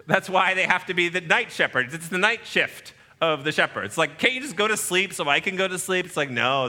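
A man's voice: fairly high pitch, bright, forceful tone. Man preaching with humor in a church. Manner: humorous storytelling, acting out quoted voices. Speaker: pastor. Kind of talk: sermon. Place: church sanctuary. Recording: long hall reverb.

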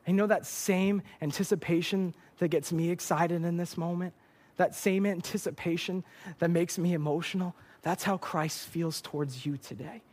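A man's voice: high voice, steady tone, moderate pace, darkish tone. A young man preaching a sermon from a church stage, earnest and emotional, often repeating words as he is moved.

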